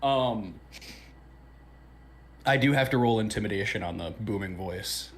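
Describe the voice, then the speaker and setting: A man's voice: on the low side, a little slow, slight background noise. A man playing a tabletop game, talking in a hesitant, self-correcting way. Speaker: player.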